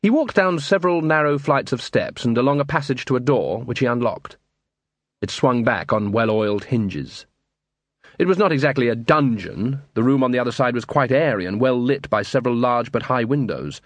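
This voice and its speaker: Male audiobook narrator, lively pitch, husky, dry booth sound. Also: moderate pace, dry recording. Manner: animated storytelling with many character voices.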